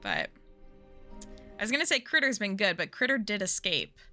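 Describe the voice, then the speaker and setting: A woman's voice: medium pitch, wildly swooping pitch, moderate pace, bright, forceful tone, faint music behind. A young woman streaming from home, chatting casually with viewers in a giggly, rambling way. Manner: chatty and giggly, lots of likes and you knows. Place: at home, indoors.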